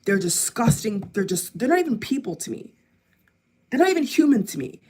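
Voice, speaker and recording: A woman's voice: fairly high pitch, very animated, a little fast, a little mellow, breathy edge. A woman from the United States vlogging an angry political rant to camera, hammering the same phrases again and again. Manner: heated, repeats phrases over and over.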